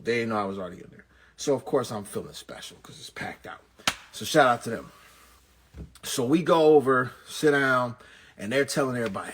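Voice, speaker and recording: A pastor, recapping an event as a comedic story, full of quick jokes and asides. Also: male voice, medium pitch, slight background noise. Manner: animated, jokey, rapid asides and punchlines.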